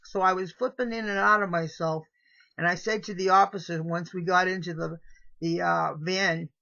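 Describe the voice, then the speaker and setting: A woman's voice: fairly low pitch, steady tone, normal speed, creaky, sharp tone. A middle-aged woman talking straight to camera in a rambling, confessional monologue, with frequent restarts. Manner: rambling, meandering, with trailing restarts. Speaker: vlogger. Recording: dull lo-fi home video audio.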